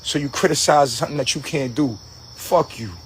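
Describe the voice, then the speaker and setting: A man's voice: mid-range voice, a little fast, a bit bright, slight background noise. A man hosting a livestream, delivering a profane, aggressive, preachy rant full of repetition. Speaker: livestream host.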